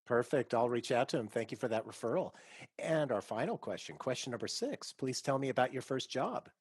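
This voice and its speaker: A man's voice: medium pitch, lively intonation, brisk, husky, dry recording, studio quality. A male podcast host asking scripted interview questions in an upbeat, appreciative way.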